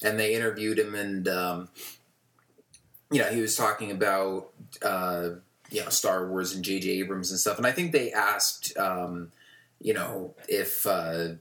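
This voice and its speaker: Steady in tone and measured in pace, another low, slightly bright male voice chats on a podcast he co-hosts, recorded with roomy echo. He rambles, full of fillers and restarted sentences.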